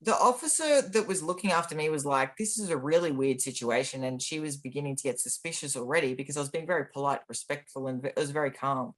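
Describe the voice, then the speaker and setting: A man's voice: a little high, animated, fast, few pauses, a bit bright. Candid man telling his story. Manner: candid and matter-of-fact, with frequent ums and restarts. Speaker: interview guest. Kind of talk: personal storytelling in an interview.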